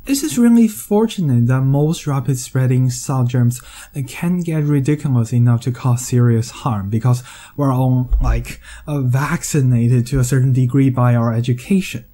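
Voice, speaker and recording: A man's voice: medium pitch, moderate pace, mellow. A man with a dry, wry humor reading his own video essay, with frequent hesitant fillers. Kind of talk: scripted monologue.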